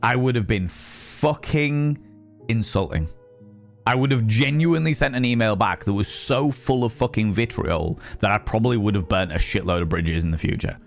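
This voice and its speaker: A man's voice: fairly low pitch, moderate pace, gravelly, soft background music. A man and streamer who does some voice acting, chatting casually on a livestream, swearing a lot and repeating himself for emphasis. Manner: profane, emphatic ranting; repeats phrases and restarts mid-sentence. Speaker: streamer and voice actor.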